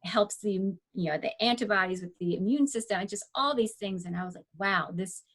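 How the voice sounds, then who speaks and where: A woman in her forties, a teacher and author as guest, telling stories in an animated way and acting out her own thoughts. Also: medium pitch, brisk. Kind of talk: casual interview storytelling.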